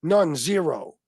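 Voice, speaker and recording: A man's voice: fairly high pitch, creaky, a little mellow, husky, no room sound, clean studio sound. Profane, rambling male livestream host. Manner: profane, rambling, laughing often. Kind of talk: casual livestream chat reading comments.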